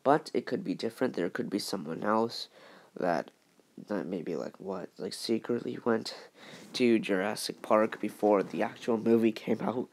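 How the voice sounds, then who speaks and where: Halting man with a gravelly voice. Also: fairly low pitch, a little mellow. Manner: halting, many fillers and restarts. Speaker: YouTuber. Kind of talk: casual fan-theory vlog.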